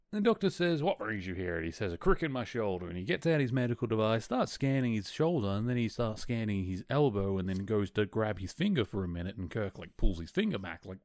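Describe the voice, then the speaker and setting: A man's voice: on the low side, dry recording, studio quality. A man hosting a podcast, casually retelling a TV episode and slipping into quoted lines from the characters. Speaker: podcast host.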